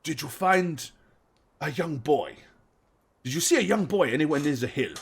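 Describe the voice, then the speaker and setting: A man's voice: on the high side, animated, creaky, husky, voice pushed up, full character voice. A man voicing a protective, hot-tempered middle-aged father who gives orders. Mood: worried. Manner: commanding, quick to anger.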